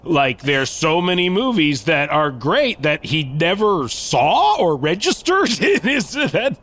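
A man in casual chat on a podcast, reacting to a guest's story with quick jokes. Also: fairly high pitch, sing-song, fairly bright tone.

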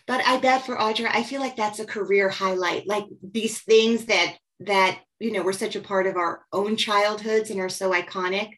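A woman's voice: medium pitch, steady tone, normal speed, hardly any pauses, fairly bright tone, rough recording. A woman hosting a podcast, asking rambling, chatty interview questions. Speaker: podcast host. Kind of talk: casual interview chat.

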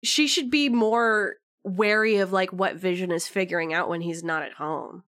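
A woman's voice: on the low side, moderate pace, fairly bright tone, dry recording, studio quality. A young woman co-hosting a podcast, chatting casually with lots of filler words and eager questions. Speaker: podcast co-host. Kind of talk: casual chat.

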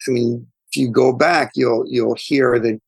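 A man's voice: mid-range voice, steady tone, a little slow, creaky, breathy edge, dry recording, rough recording. A man answering interview questions as an author guest, speaking in a thoughtful, digressive storytelling way.

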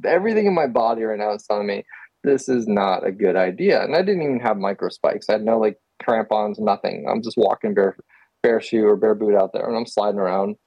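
Husky, mellow-voiced man telling a story. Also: on the low side, a little fast, dry recording, dull audio. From Texas. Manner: animated, laughing, many fillers. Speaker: guest photographer. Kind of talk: casual storytelling.

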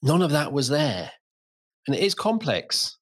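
Here a middle-aged podcast host speaks with a fairly high, slightly breathy voice at a measured pace. His casual chat is full of lively storytelling, with small scenes and voices acted out.

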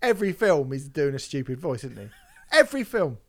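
Sarcastic co-host with lively pitch. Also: male voice, fairly quick. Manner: sarcastic, blunt and swearing. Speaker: podcast co-host. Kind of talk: casual podcast chat.

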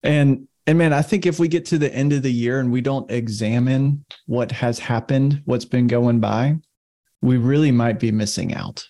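A man with a mellow, warm voice speaks as a panel guest in a casual discussion. He tells his points as an animated story. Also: mid-range voice, moderate pace. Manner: storytelling, animated retelling of a movie scene.

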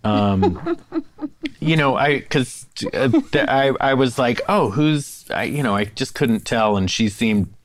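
A man's voice: medium pitch, sing-song, slow pace. A man from San Francisco co-hosting a casual chat, hesitant with many fillers and repeats. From San Francisco, USA. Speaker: podcast co-host.

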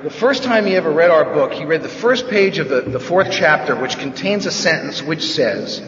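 A man from the Bronx telling his own story at a recovery meeting, with wry jokes and animated delivery. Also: a little high, moderate pace, a little hiss or hum. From the Bronx, New York. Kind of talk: personal recovery talk, humorous storytelling. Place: large meeting hall. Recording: echoey hall, distant mic, dull sound.

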